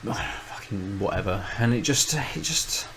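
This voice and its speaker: Rambling man, low voice. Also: expressive, a little slow, a bit bright, rough recording. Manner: rambling, thinks aloud with many restarts. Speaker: podcast co-host. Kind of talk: casual chat.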